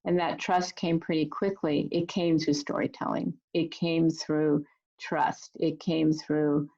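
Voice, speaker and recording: Woman storyteller, fairly low, gravelly tone, earnest and gentle, muffled video call audio. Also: little pitch movement, measured pace. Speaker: storyteller and teacher of refugee youth. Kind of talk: reflective storytelling talk.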